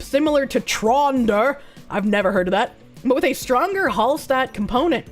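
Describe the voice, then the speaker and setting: Brief: young adult woman streamer, fairly high voice, blunt and sweary, faint music underneath. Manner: blunt, swears freely, laughs often, thinks aloud. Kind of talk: casual live-stream commentary while playing a guessing game.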